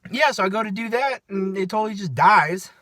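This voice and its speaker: A tired man rambling through a casual, animated story about his work shift, checking in with lots of "right?". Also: high-pitched, a little fast, no room sound, studio quality. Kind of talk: casual chat.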